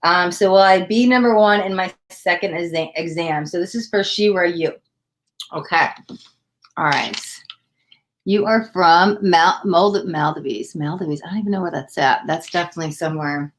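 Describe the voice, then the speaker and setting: A woman's voice: lowish voice, moderate pace. A woman from the United States hosting a livestream tarot reading, gushing with thanks and chatting casually with lots of "like" and "oh my God.".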